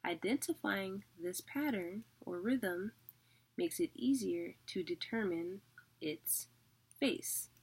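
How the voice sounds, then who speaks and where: A woman's voice: mid-range voice, lively intonation, slow, slightly rough. A woman teaching a casual online lesson, chatty and full of fillers as she explains things visually.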